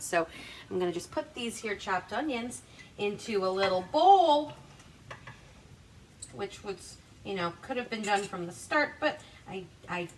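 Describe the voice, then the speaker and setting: A woman's voice: medium pitch, slight background noise, rough recording. A young woman hosting her home cooking show in her kitchen, talking casually in a rambling, self-deprecating way full of fillers. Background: playlist music playing faintly.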